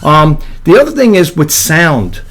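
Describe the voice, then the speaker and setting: A man with a low monotone voice, hosting a casual video editing tutorial and rambling with apologetic asides. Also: a little slow. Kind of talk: casual screen-recorded tutorial.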